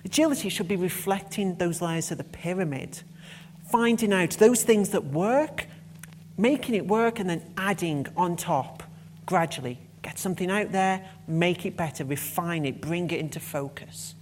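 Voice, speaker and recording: Speaking at a normal speed in a somewhat low, slightly mellow voice, this woman gives an emphatic, passionate conference talk. When irritated, she doesn't hold back from blunt swearing. Faint background noise is present.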